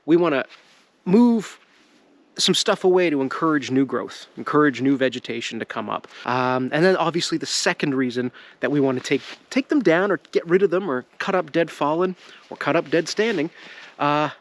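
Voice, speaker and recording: A man's voice: a little high, brisk. A middle-aged man vlogging casually outdoors in snowy woods, rambling and joking as he works and laughing often.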